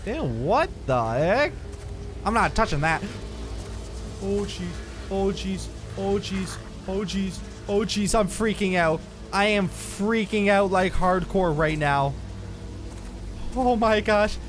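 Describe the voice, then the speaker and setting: A man's voice: sits high, animated, slow pace, soft background music. A young man playing a horror game and commenting on it, jumpy and exclaiming, with bursts of nervous laughter. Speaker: gaming YouTuber. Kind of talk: horror let's play commentary.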